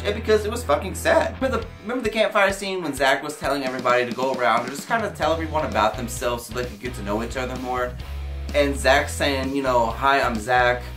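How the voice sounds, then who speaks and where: A young man giving a casual movie review vlog, emotional and excitable, swearing freely as his pitch leaps when he gets worked up.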